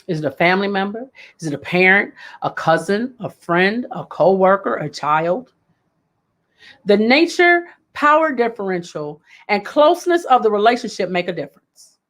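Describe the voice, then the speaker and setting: A woman's voice: medium pitch, big pitch swings, moderate pace, fairly bright tone. A woman hosting a live self-help talk, speaking emphatically and repeating key points for emphasis. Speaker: host.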